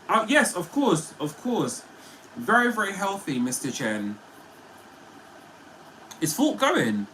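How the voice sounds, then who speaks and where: A chatty man hosting a livestream, his fairly high voice swinging up and down with lots of life. His tone is bright and forward, and he talks playfully to his chat. A faint hiss sits under the recording. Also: sing-song, slow, long pauses, poor audio. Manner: chatty and playful, often laughing. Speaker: livestream host. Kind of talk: casual livestream chat reading viewer comments.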